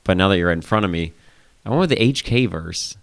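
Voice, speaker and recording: Man, podcast co-host, low voice, dry banter, casual chat, dry close sound. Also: expressive, quick pace, vocal fry, no echo.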